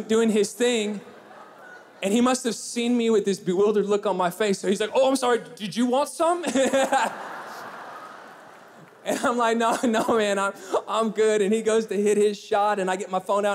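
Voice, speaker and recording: A young man preaches a sermon. His voice sits a little high, and he tells his stories in an animated way, acting out the other people's lines. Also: a little hiss or hum. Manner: animated storyteller, acting out dialogue. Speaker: pastor. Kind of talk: sermon with storytelling.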